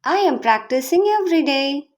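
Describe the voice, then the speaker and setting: A woman teaching beginner English, reading short example dialogues in a slow, deliberate way for learners to repeat. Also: sits high, expressive.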